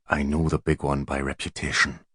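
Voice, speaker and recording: A man doing a calm giant bodyguard. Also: rumbling low, moderate pace, breathy edge, dry recording, clean studio sound, exaggerated voice. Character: giant loyal male bodyguard, calm, soldierly.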